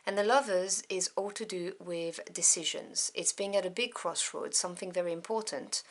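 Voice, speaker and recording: A woman giving a tarot reading to camera, gentle and meandering, with many pauses and apologies. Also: on the low side. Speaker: tarot reader.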